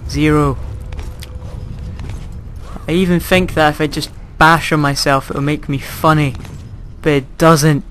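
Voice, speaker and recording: A young man talks through a video game in a fairly high voice. He mocks himself, cracks sarcastic jokes and swears when a jump goes wrong. A faint hum of noise sits under his voice. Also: little pitch movement, a little slow, pauses often, fairly bright tone. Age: young adult. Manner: self-mocking, sarcastic, swears when frustrated. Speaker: gaming commentator. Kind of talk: casual gameplay commentary.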